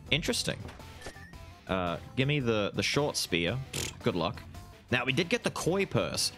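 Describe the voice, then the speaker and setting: Excitable young man with lively pitch. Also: moderate pace, soft background music. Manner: excitable, exclamatory, says "dude" often. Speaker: gaming video host. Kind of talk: excited gameplay commentary.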